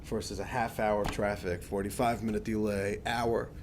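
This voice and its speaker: A man, a rabbi, telling a personal story in a lively, conversational lecture with frequent restarts. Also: on the low side, normal speed, background noise. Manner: animated anecdotal storytelling with many restarts.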